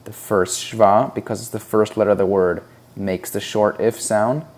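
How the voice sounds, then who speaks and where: A man's voice: on the low side, fairly even intonation, moderate pace, darkish tone. A man teaching a Hebrew reading lesson, explaining patiently and sounding out syllables one at a time. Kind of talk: slow, deliberate instructional explanation.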